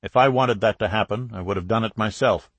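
Man doing a calm, steady newspaper reporter. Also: lowish voice, brisk, slightly rough, dry recording. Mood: reassuring. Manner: steady, reassuring.

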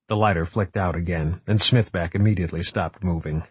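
An audiobook narrator with a husky, low male voice reads scripted narration, with no echo. His storytelling is measured and steady.

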